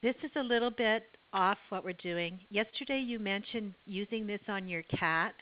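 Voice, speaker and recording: A woman's voice: mid-range voice, normal speed. A woman with a mid-range voice asks her question by telling a chatty story. The audio is muffled and lo-fi. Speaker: workshop participant. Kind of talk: question on a group call.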